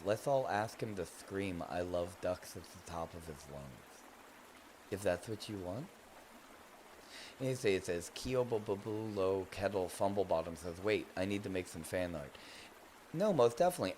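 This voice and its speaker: Playful low-voiced man hosting a stream. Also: darkish tone, slight background noise. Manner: playful, goofy and teasing. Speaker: livestream host. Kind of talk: casual live stream chat reading comments.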